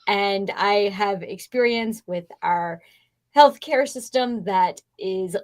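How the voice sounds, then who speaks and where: A woman judge on a live online show, explaining her choice warmly and decisively. She speaks at a middle pitch and an even pace. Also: slow pace. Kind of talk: casual remarks on a live show.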